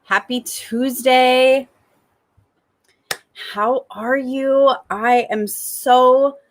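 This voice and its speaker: A spiritual coach with a mid-range voice talks to her viewers in an upbeat, enthusiastic vlog about gratitude. She keeps circling back to the same warm phrases.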